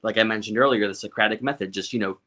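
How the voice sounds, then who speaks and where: A man with a lowish voice talks as a guest on a podcast. He is candid and jokes a lot, restarting his sentences as he goes. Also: very fast, bright, forceful tone. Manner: candid, joking, with frequent restarts. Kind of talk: casual podcast conversation.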